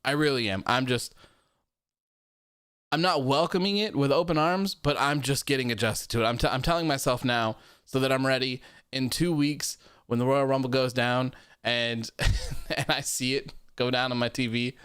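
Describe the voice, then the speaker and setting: Casual guy host reading chat comments, smooth voice, dry close sound, repeats himself a lot. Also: mid-range voice, normal speed, fairly bright tone, dry recording. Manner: loose, repetitive, laughs often. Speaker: podcast host.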